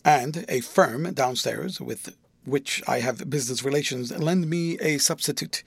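A man's voice: medium pitch, a little slow, gravelly, husky, no echo. A man reading as a fussy, secretive old guardian. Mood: confiding. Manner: stiff, formal, confiding. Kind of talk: audiobook dialogue reading.

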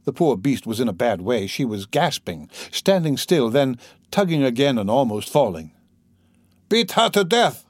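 Expressive male audiobook narrator. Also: medium pitch, moderate pace, no echo, clean studio sound. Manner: expressive storytelling.

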